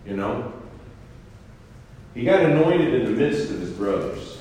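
A man preaching, reading scripture aloud and then commenting on it in a folksy, animated way. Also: mid-range voice, a little slow, slight background noise. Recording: echoey hall from far off.

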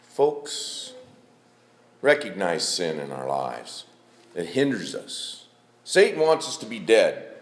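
A man's voice: deep voice, big pitch swings, takes it slowly, pauses often, echoey room. A middle-aged man preaching a sermon in a church, folksy, calling out members of the congregation by name.

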